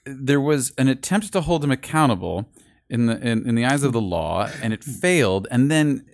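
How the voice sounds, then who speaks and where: Male co-host, casual joking chat, mid pitch. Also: lively intonation, normal speed, no echo. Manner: joking, slips into goofy voices. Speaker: podcast co-host.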